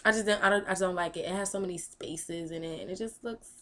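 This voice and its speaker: Young woman, vlog host. Rambling, casual Q&A delivery, low-ish voice. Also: fast, a bit bright. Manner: rambling, thinks aloud with many ums. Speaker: vlog host answering viewer questions. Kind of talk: casual chat.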